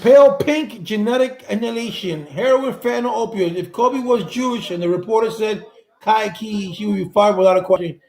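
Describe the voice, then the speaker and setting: High-voiced gravelly man with echo. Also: brisk, darkish tone. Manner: rambling, repeats words while searching for them. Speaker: live stream host. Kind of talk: live chat commentary reading viewer comments. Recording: echoey room.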